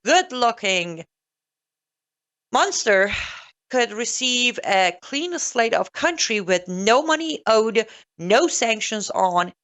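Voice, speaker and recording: A woman's voice: on the high side, a bit bright. Sarcastic woman delivering political commentary. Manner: sarcastic, emphatic, repeats points for stress.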